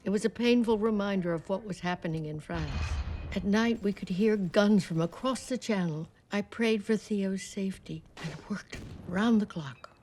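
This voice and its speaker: An actress playing an elderly woman who served as a nurse in a great war, recalling it softly and reflectively, sometimes dropping to a whisper. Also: medium pitch, normal speed, slight background noise, natural voice. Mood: somber. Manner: soft, reflective, drops to a whisper at times. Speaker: former wartime nurse recalling her past. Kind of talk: first-person docudrama narration.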